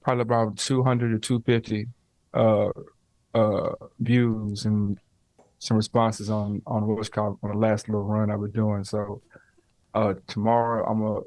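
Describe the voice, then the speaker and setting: A man's voice: lowish voice, a little mellow, no room sound. A man hosting a podcast, laid-back and laughing, answering teasing with mock offense. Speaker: podcast host. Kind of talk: casual banter. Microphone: remote call.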